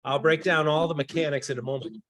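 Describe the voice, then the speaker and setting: A man's voice: on the high side, fairly even intonation, fast talker, fairly bright tone. A man teaching an online ukulele lesson over a video call, encouraging his students and chanting rhythms with them.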